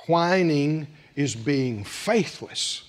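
A male preacher delivering a sermon in an animated way, chuckling often and stretching words for emphasis. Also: a little high, drawn-out words.

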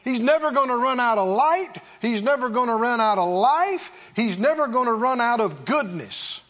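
A man's voice: very high voice, lively intonation, normal speed, fairly bright tone, lo-fi sound. A man preaching a sermon in a church, with emphatic, repetitive call-and-response delivery. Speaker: pastor.

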